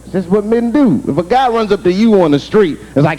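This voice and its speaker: A young man doing a stand-up set on a club stage, telling stories in an animated way and slipping into character voices. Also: high voice, fairly quick, hardly any pauses, a little hiss or hum, rough recording. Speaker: stand-up comedian. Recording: live comedy taping with audience. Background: crowd laughter.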